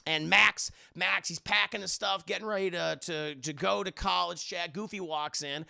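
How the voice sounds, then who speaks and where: A man casually recapping a movie on a live stream, excitable and swearing as he talks to his chat. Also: high voice, normal speed, vocal fry.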